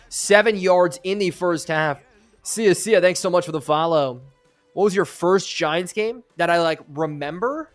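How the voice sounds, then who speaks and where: A man streaming a football video game live, calling each play in an energetic sportscaster style. His voice sits a little higher than most men's, and he breaks off to thank and chat with his viewers. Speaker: streamer and host.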